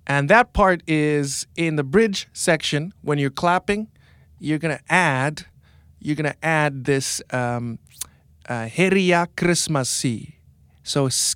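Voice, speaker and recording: A man's voice: fairly high pitch, slow pace, pauses often, a bit bright, clear, resonant tone, dry recording, clean studio sound. A man from South Africa teaching a group a song, coaching them through call-and-response lines and chanting phrases to the beat. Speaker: music teacher.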